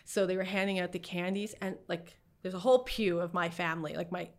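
Middle-aged woman on a podcast, kinda low voice, tells family stories and laughs a lot, does little voices for her relatives. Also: a little fast. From Canada. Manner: animated storyteller, laughs often, acts out family quotes. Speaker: podcast guest. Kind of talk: casual storytelling interview.

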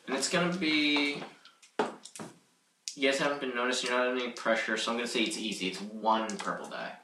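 A man running a tabletop game as game master, animated, often laughing and restarting his sentences. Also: mid-range voice, brisk. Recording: echoey room, mic at a distance, faint noise.

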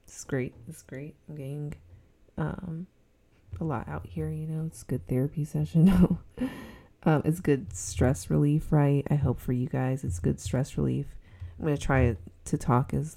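A young woman hosting her own podcast, rambling in a casual solo chat and breaking often into loud giggly laughter. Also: low voice, normal speed, vocal fry. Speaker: podcast host.

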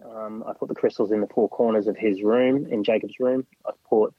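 Husky low-voiced man telling a story. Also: fairly even intonation, fairly quick, no echo. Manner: recounts events animatedly, often acting out others' words. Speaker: podcast guest. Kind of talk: casual storytelling. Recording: dull lo-fi recording.

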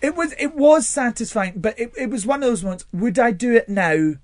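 A man's voice: extremely high pitch, brisk, dry recording. A young man in a studio interview, telling personal stories expressively with many fillers. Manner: expressive storyteller with frequent fillers and laughs. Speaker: guest. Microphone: studio microphone.

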